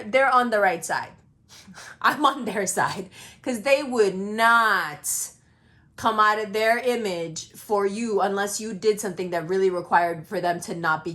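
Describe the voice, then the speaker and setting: Young woman, fairly high voice, casual astrology reader, blunt and emphatic, swears, swings from slow and low to fast and high. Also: fairly bright tone. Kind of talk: casual tarot reading monologue.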